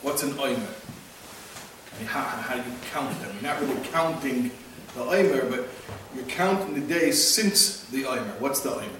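A man's voice: medium pitch, lively intonation, moderate pace, background noise. A man, possibly a rabbi, giving an informal talk on Jewish practice, opening with a joke in a conversational teaching manner. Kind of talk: informal Torah class talk. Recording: echoey hall, mic at a distance, faint ambience.

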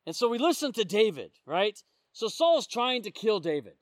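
A man with a fairly high voice delivers a casual sermon, telling stories from his work as a police officer. He keeps it conversational and keeps checking in with the room. The sound is close and dry. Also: very animated, moderate pace, no echo. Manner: conversational storytelling, often checking in with the listeners. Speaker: police officer sharing testimony. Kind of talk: informal sermon.

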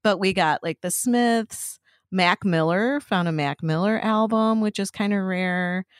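A woman's voice: medium pitch, unhurried, smooth, no echo, studio quality. A woman hosting a casual chat, rambling with many fillers and frequent giggles. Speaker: podcast host.

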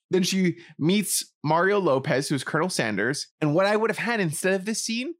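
A man co-hosting a casual podcast, rambling and animated, swearing and acting out quoted lines. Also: on the high side, normal speed, few pauses, no room sound, clean studio sound. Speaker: podcast co-host.

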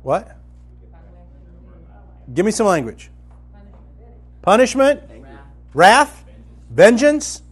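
A man teaching from the Bible in a conversational, colloquial style, telling the story vividly and swinging from loud to hushed. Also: high voice, big pitch swings, drawn-out words, long pauses, breathy edge. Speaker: preacher.

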